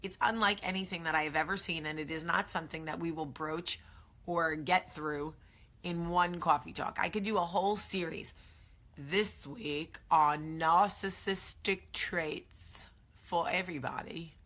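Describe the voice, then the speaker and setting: A woman's voice: fairly low pitch, fairly even intonation, normal speed, fairly bright tone. A woman in her thirties hosting a casual morning chat to camera, chatty and emphatic with many fillers and asides. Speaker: host.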